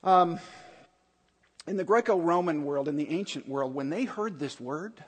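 A man with a rather high voice preaches at an unhurried pace. He delivers a sermon in an earnest, emphatic manner, circling back to repeat his key points, while his voice rings out with a long reverb like a large church hall. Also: husky. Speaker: pastor.

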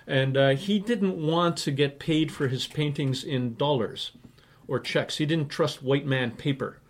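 A man in his sixties from Canada, talking as a guest, wanders through his memories full of fillers and chuckles. His voice sits fairly high for a man, and he tells his stories casually. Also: unhurried, a little hiss or hum. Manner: rambling, many fillers, laughs at his own stories. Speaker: interview guest, writer and publisher. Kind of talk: casual anecdotal storytelling.

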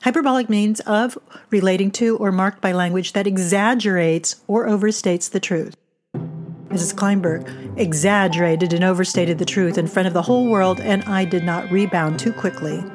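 With music underneath, a US woman hosting a podcast reads a scripted comic story, poking fun at herself in a dry, wry way. She speaks at an ordinary pace in a medium pitch.

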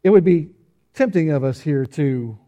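A man's voice: fairly high pitch, expressive, normal speed, mellow, lo-fi sound. A man, a pastor, preaching a conversational sermon with folksy humor and rhetorical questions, often restarting his sentences. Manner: frequent restarts and repeated words.

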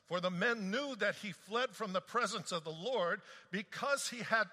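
A man preaching a sermon in an animated, conversational way, reading scripture aloud and commenting on it. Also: high-pitched, normal speed, hardly any pauses. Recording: long reverb of a large hall.

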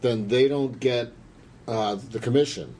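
Male co-host, mid-pitched, patient explainer, faint background noise. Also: a little slow, warm tone. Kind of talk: casual chat.

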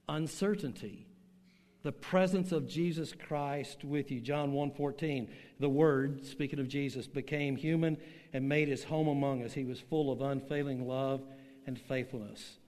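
An older male pastor delivering a sermon, his pitch sitting in an ordinary middle range. He tells stories slowly and with emphasis, pausing for effect. His voice rings with the long reverb of a large hall. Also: fairly even intonation, a little mellow. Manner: slow, emphatic storytelling with dramatic pauses. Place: church hall with online audience.

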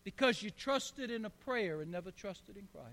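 A man's voice: high voice, lively intonation, moderate pace, fairly bright tone, in a large hall. A man preaching a fervent sermon in church, calling on the congregation to answer back. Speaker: pastor.

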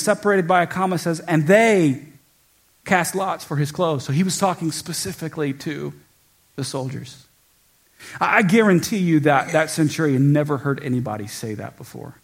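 A man preaching a sermon as pastor, teaching in an earnest tone and dropping low and soft when he quotes scripture. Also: slightly rough.

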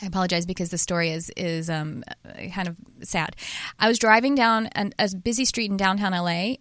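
Woman host rambling thru a story, lots of restarts, dry no-room sound, middle pitch. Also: fairly bright tone, no echo. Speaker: podcast host. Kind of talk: casual interview chat.

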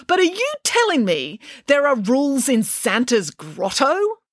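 A woman voicing a pompous, imperious female pig nanny who is quick to pick a fight. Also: high voice, huge pitch swings, dry recording, clean studio sound, pitched above the performer's own voice, exaggerated voice. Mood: indignant. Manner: indignant, imperious, sarcastic.

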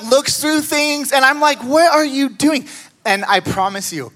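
A man preaching a sermon as a pastor, telling stories with excited jumps in his voice. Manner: animated storytelling with excited pitch jumps.

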